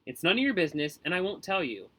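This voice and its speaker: A man's voice: high-pitched, big pitch swings, fast talker, a bit bright, exaggerated voice, rough recording. A man voicing a whiny, pampered nine-year-old boy who wails and pities himself. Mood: sulky. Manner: wailing, self-pitying.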